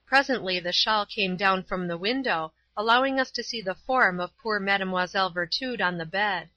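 A woman reading a storybook aloud in a measured, clear first-person narration. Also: mid-range voice, pushed and bright, no echo. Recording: slightly dull, dry.

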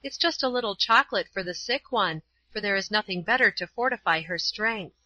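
A woman reading aloud voices a caring, practical grown woman who gives gentle advice. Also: medium pitch, fairly quick, no echo. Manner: gentle, advising. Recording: slightly dull, dry.

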